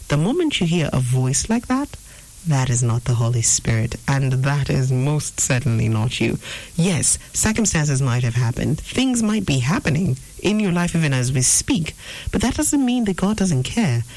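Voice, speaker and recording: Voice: medium pitch, very animated, normal speed, a little mellow, rough recording. Earnest preacher. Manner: earnest, repeats phrases for emphasis; acts out inner voices in quotes. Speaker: preacher answering a viewer question. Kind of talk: informal sermon teaching.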